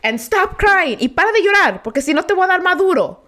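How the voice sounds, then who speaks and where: A woman's voice: very high voice, big pitch swings, fast, fairly bright tone, pitched above the performer's own voice, heavily acted. A woman imitating her strict mother, scolding and threatening in a stern voice that switches between Spanish and English.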